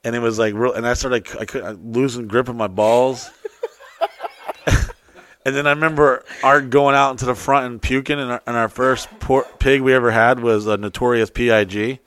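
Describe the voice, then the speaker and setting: Rowdy profane man, bright voice. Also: fairly even intonation, moderate pace. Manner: rowdy, profane, slips into loud high put-on voices. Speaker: podcast host. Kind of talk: crude comedic podcast banter.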